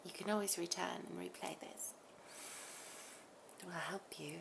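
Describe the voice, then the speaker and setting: A woman voicing a calm, loving collective spirit in a channeled message, speaking slowly and softly in half-whispers. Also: fairly low pitch, vocal fry, background noise. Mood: tender, soothing. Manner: slow, soft, often half-whispered affirmations.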